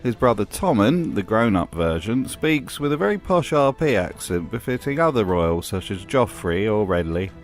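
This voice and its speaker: A man's voice: fairly low pitch, very animated, normal speed, few pauses, faint music behind. A man hosting a scripted commentary voice-over in a sardonic, mocking way. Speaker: host.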